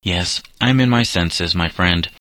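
A man voicing an elderly, humble male florist who speaks gently and forgivingly. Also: deep voice, measured pace, no echo, rough recording. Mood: gentle. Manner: gentle, earnest storytelling delivery.

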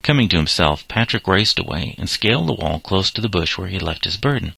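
A man narrating a storybook in a steady, measured read. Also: low voice, creaky, no echo. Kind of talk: storybook reading.

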